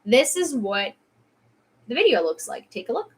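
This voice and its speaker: A woman's voice: on the high side, sing-song, normal speed, husky. A woman from Ukraine with a mildly American-sounding accent in English, reading news on a stream and chatting through it with many fillers. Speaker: news livestreamer. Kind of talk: casual news commentary stream.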